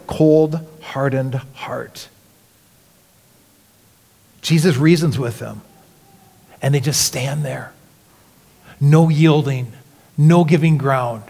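A man preaching a sermon as pastor, earnest, dropping to hushed lines and then rising with emphasis. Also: fairly high pitch, vocal fry. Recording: long hall reverb.

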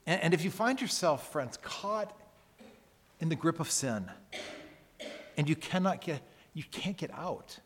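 A pastor delivers a sermon in a reverberant hall, preaching earnestly and emphatically with repeated phrases. His voice is a little high with lively intonation, at a measured pace with long pauses.

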